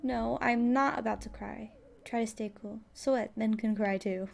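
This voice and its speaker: Creaky-voiced woman playing a game. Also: fairly high pitch, steady tone, moderate pace. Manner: playful, reads game text aloud, swears, laughs often. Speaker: let's player. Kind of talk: casual gameplay commentary.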